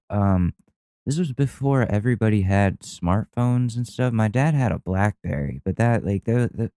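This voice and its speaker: A young man in his twenties telling a story on his podcast in a rambling, unpolished way, full of fillers and the odd swear word. His voice sits fairly low and comes through smooth and clear. The recording is close and dry. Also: dark tone, no room sound. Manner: rambling, with many fillers, restarts and casual swearing. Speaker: podcast host. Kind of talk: casual storytelling monologue. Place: at home with a cat nearby.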